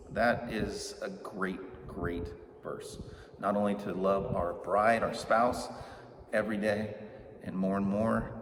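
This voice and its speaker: Joking middle-aged pastor in an echoey church. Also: male voice, fairly low pitch. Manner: joking, conversational, acts out characters' lines. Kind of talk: casual storytelling sermon. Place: church sanctuary. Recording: echoey hall, distant mic, background noise.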